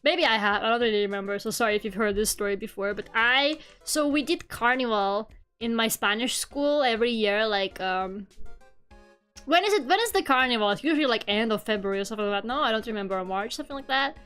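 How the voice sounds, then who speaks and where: A woman's voice: a little high, quick pace, a bit bright, clean tone, faint music behind. A young woman streaming from home, chatting casually with her viewers and laughing at herself often. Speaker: VTuber streamer.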